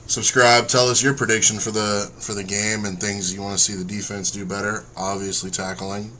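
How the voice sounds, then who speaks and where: A young man with a lowish, bright voice co-hosts a casual late-night podcast. He keeps things easygoing with quick reactions and a relaxed sign-off. Faint ambience is audible under him. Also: a little hiss or hum. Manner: laid-back, brief reactions, casual sign-off. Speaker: podcast co-host.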